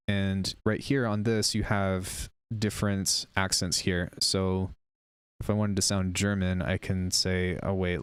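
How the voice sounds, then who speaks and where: A male music producer on a casual live stream, chatting with viewers while demoing software, rambling and unsure of himself. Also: sits low, smooth, no echo.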